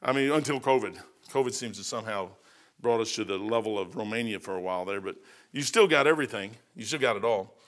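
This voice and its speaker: A man's voice: lowish voice, quick pace, fairly bright tone. A middle-aged man preaching a sermon, folksy and blunt, telling stories between scripture. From United States. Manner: folksy, blunt, conversational, many fillers and asides.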